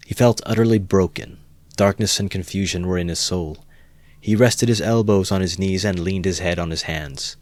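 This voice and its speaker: A man narrating a classic novel in a steady, measured amateur audiobook reading. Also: sits low, no echo.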